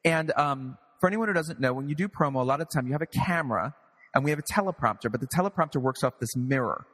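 A man who is a playwright and director, guest in a casual interview, telling lively anecdotes with some swearing and acting out other people's lines. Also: mid-range voice, fast talker, in a large hall. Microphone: video call.

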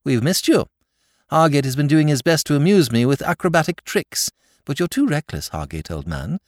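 Male reader doing a sardonic young gent, higher than his own voice, lively and theatrical. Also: no room sound, studio quality. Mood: bantering. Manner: bantering, theatrical, quick. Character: brash, mocking young English gentleman.

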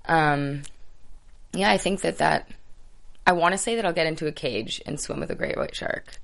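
A young actress chatting casually as an interview guest, laughing often and acting out quoted lines. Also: female voice, deep voice, normal speed, creaky.

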